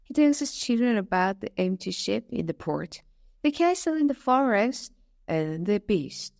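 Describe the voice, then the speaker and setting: Storybook narrator: woman, slow, clear, lively pitch. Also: no room sound, clean studio sound. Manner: slow, clear, expressive reading. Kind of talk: storybook narration for English learners.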